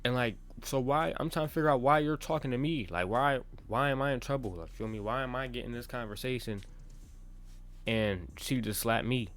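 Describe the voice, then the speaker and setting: A young man narrates a personal story in a relaxed vlog monologue. His talk is full of slang and swearing, and it runs on in loose bursts with frequent restarts. He keeps checking in with the listener as he goes. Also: medium pitch, normal speed. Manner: talks in loose run-on bursts with many restarts. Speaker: vlogger.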